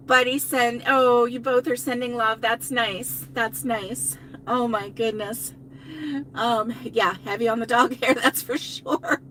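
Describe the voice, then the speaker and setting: Host type: older woman, bright and fairly high, rambling live chat from her car with lots of laughs. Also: steady tone, slow pace, slight background noise. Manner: chatty and rambling, laughs often, reads viewer comments aloud. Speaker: crochet channel host. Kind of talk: casual live-stream chat. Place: inside a parked car.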